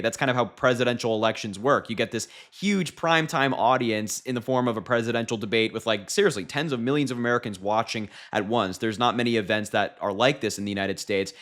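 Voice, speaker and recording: A man at a middle pitch runs through political commentary in a sarcastic, incredulous tone. He mocks what he has just heard and keeps his delivery quick and pointed. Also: a bit bright.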